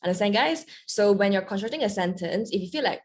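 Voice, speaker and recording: A woman's voice: mid-range voice, moderate pace. Young woman tutor, chatty, mixes in Mandarin, online lesson. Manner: switches between English and Mandarin, chatty and lively. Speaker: English teacher.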